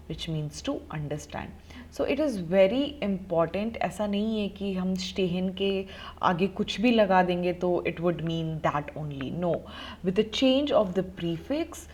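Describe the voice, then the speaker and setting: A woman's voice: on the low side, darkish tone. A woman with an Indian English accent explaining German grammar in an online lesson, with frequent fillers as she explains. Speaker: German language teacher. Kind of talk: online language lesson, mixing Hindi and English.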